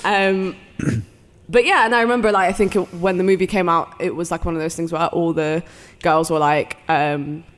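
A woman's voice: lowish voice, fairly even intonation, moderate pace, big-room sound. A young woman with a London accent, a guest on a live podcast, chatty and giggly, full of fillers. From England.

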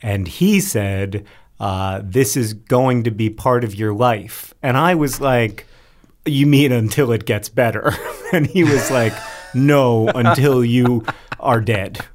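A man's voice: medium pitch, slow, a little hiss or hum. A man in his forties co-hosting a podcast, chatting casually with wry, dry humor. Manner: wry, dry humor, laughing while talking. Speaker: podcast co-host. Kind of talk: casual chat with comic sponsor reads.

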